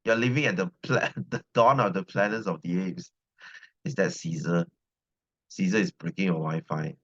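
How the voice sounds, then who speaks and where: This is a Malaysian English speaker from Selangor, a science teacher in loose, chatty banter with students. His low, slightly bright voice moves at a moderate pace, and he keeps repeating lines and asking "right?". Sound quality is dull and lo-fi.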